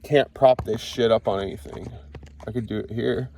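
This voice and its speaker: A young man's medium-pitched, creaky, darkish voice holds a steady tone at normal speed, with a little hiss or hum underneath. He films a casual confessional vlog on a hillside with a handheld camera, rambling, cursing, self-mocking and restarting.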